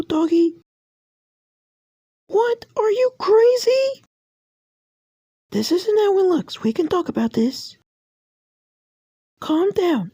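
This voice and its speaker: A woman doing a squeaky cheerful cartoon cat. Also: dry recording, clean studio sound, exaggerated voice. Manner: upbeat, encouraging, excitable. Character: cheerful young male cartoon cat inventor. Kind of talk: fan voice clips of a cartoon character.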